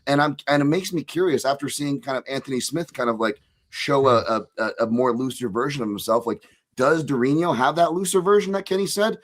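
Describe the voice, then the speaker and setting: A man's voice: mid-range voice, a little fast. A man from Hawaii talking casually as a fight analyst on a podcast, rambling with lots of restarts. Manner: rambling, restarts, frequent "right?".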